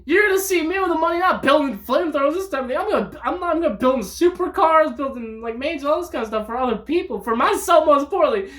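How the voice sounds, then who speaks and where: A woman vlogging in an upbeat, rambling monologue, breaking into loud outbursts when she acts out quotes. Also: sits high, lively intonation, fast talker, hardly any pauses.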